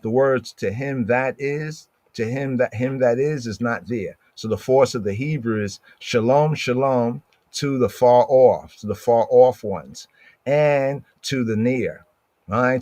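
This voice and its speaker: A man's voice: medium pitch, no room sound. Man teaching scripture, dry close sound. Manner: conversational, keeps asking "right?", reads verses aloud slowly. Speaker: Bible teacher.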